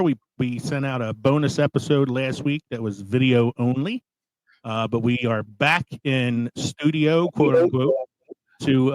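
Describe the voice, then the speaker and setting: A man hosts a casual podcast in a small studio, joking and swearing freely. His voice sits at an ordinary pitch, and the sound is dry and close with no room echo. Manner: laid-back, swearing, laughing between lines. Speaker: podcast host.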